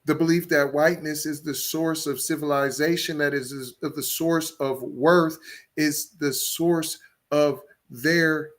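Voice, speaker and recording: A man hosts his own podcast in a deliberate, slow delivery. His voice sits a little high for a man. He drives points home with repeated phrases and rhetorical questions. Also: steady tone, a bit bright. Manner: emphatic, repeats words, stacks rhetorical questions. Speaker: podcast host. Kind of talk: solo podcast commentary.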